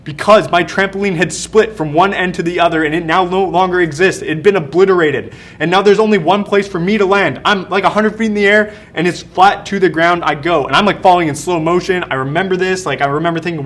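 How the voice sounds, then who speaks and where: Animated young youth pastor, slightly high voice. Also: male voice, fairly quick. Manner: animated, casual slangy storytelling. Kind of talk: youth sermon with personal storytelling.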